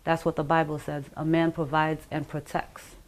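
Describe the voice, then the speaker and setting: A middle-aged woman telling her own story in an interview, halting and pausing, acting out the voices of others as she goes. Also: deep voice, little pitch movement. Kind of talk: emotional personal account.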